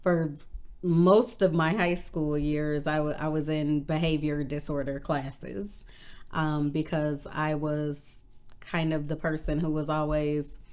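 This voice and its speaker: A woman from northern Illinois recounting her life in a relaxed interview, sitting a little lower in pitch than most women. She tells her stories with animation and leaps up in pitch when she acts out what people said. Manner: animated, acts out quoted voices with big pitch jumps. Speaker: interview guest. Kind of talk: casual interview storytelling.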